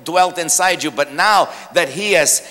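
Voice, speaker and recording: Forceful pastor preaching in an echoing church. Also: male voice, a little high, measured pace. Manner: lively storytelling with humor. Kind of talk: sermon. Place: church sanctuary. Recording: long church hall reverb.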